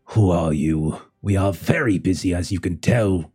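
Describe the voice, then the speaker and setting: A man's voice: deep voice, unhurried, darkish tone, husky, faint music behind, pitched below the performer's own voice, heavily acted. A man doing a harried, dismissive camp worker.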